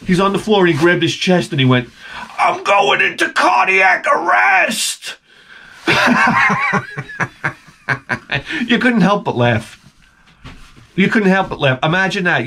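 A man's voice: fairly high pitch, quick pace. A middle-aged man vlogging, telling rambling, profane stories in a casual monologue. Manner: rambling, profane, animated storytelling.

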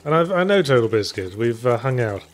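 A man with a British accent co-hosting a casual chat over gameplay, making dry, deadpan jokes. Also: mid-range voice, a little fast, slight background noise. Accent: British English. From England. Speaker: co-host.

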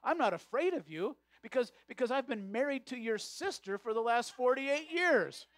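A man voicing a calm little old man in a sermon joke, answering in a flat, matter-of-fact way. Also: very high-pitched, moderate pace. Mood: unbothered.

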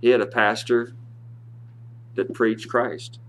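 A male pastor preaching a sermon in church, reading scripture aloud in a rising voice and dropping low to explain it. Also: steady tone, takes it slowly, slight background noise.

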